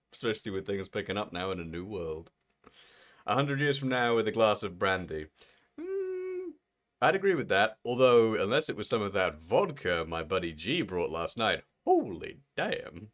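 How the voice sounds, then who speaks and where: A man's voice: lowish voice, wildly swooping pitch, normal speed, fairly bright tone. A man in his thirties chatting playfully with viewers on a live game stream, laughing often. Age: 30s. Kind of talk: casual live-stream chat while gaming.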